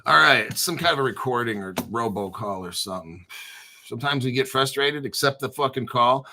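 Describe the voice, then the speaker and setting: A man's voice: medium pitch, animated, fairly quick, sharp tone. A man hosting a crypto channel, talking casually off the cuff in a blunt, boastful way full of swearing. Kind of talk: casual unscripted livestream talk.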